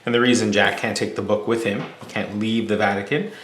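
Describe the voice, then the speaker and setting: A man's voice: lowish voice, steady tone, fairly quick, a bit bright. A male teacher telling a story in a casual, explanatory way as a lesson. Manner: casual, explanatory, with fillers and restarts. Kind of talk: storytelling lecture. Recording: echoey room with faint hum.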